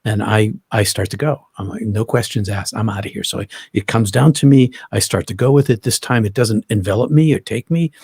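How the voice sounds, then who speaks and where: Middle-aged male guest, husky and lowish, earnest vivid storyteller who restarts his phrases. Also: a little fast, few pauses, a little mellow, no echo. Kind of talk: personal storytelling in an interview.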